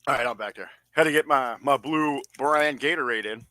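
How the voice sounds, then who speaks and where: A man's voice: mid-range voice, normal speed, pushed and bright, slight background noise. A man co-hosting a casual wrestling podcast, hyping up over-the-top mock-patriotic bits and stretching out words for emphasis. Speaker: podcast co-host.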